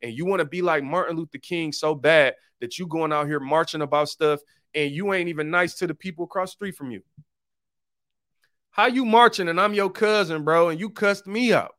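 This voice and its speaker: A man hosting his own podcast in a casual, animated, preachy monologue full of slang. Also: a little high, brisk, dry recording, studio quality. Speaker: podcast host.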